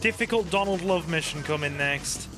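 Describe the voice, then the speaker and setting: A man's voice: a little high, moderate pace, music in the background. A man giving casual let's-play commentary, chatty and joking, swearing casually and talking to his viewers. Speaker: gaming channel host.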